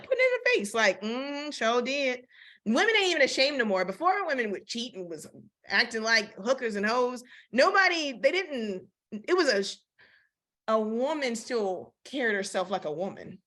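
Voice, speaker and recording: Bright-voiced woman teaching scripture casually. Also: a little high, moderate pace. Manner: lively and slangy, acting out the verses she quotes. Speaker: Bible teacher. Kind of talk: casual Bible study teaching.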